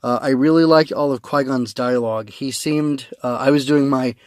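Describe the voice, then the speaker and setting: A man's voice: medium pitch, fairly even intonation, moderate pace, a little mellow, no room sound, clean studio sound. A man giving a casual spoken review of a comic, rambling with many fillers and restarts, recorded on a phone.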